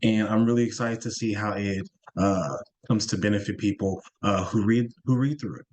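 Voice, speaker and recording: A man on a panel who tells stories in a playful, animated way, with many fillers. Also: fairly low pitch, moderate pace. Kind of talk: storytelling on a panel.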